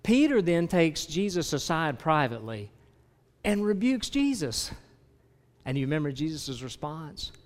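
Speaking unhurriedly in a high-leaning voice, a very animated pastor addresses his congregation with direct questions, frequently starting his phrases over. A large hall's long reverb surrounds the sound.

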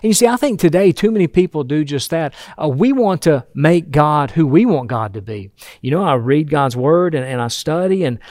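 Man preaching a sermon: earnest and emphatic, somewhat high voice, dry recording. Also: animated, normal speed, a little mellow, no room sound. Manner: earnest, emphatic, with frequent restarts and repeated words.

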